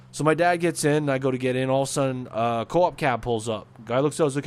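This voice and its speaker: A man's voice: mid-range voice, fairly quick, clear, resonant tone. Rambling man telling a casual anecdote. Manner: rambling, animated retelling with fillers and acted-out quotes. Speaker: gaming video storyteller. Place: at home, voice-over on gameplay.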